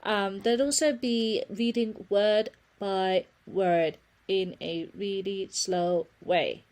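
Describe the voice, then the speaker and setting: A woman presenting a webinar on children's reading, speaking earnestly and often correcting herself with a quick apology. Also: medium pitch, fairly even intonation, a little mellow. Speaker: reading teacher giving a webinar.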